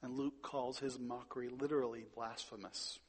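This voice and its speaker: A man preaching a sermon, stressing words loudly and then dropping quiet. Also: medium pitch, steady tone, moderate pace, breathy edge, in a large hall. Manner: emphatic, swings between loud stresses and quiet drops. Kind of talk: sermon with Bible reading.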